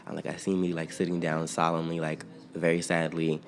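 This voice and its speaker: A man's voice: deep voice, monotone, brisk. A young man from the outskirts of Philadelphia, telling stories in a casual interview with a loose, rambling flow, lots of fillers and bursts of laughter. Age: young adult. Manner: laid-back, rambling, many fillers, breaks into laughter. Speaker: interview guest, singer-songwriter and producer. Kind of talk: casual storytelling chat.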